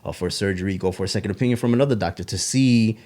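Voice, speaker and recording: A man co-hosting a casual podcast chat, talking in halting bursts with restarts. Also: fairly low pitch, dark tone. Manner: halting, restarts, laughs at own slips. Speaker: podcast co-host.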